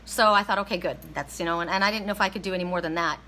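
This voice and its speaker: Bright-voiced woman telling a story. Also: fairly low pitch, very fast, a little hiss or hum, low-quality recording. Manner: animated, laughing, swearing. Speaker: oracle card reader. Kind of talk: casual storytelling livestream.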